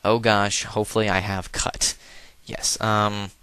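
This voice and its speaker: A man's voice: fairly low pitch, level tone, measured pace, bright, forceful tone, clear, resonant tone, no echo. A man giving offhand, rambling commentary over a video game, cracking crude jokes and trailing off into mumbled asides. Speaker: let's play commentator. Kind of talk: casual gameplay commentary.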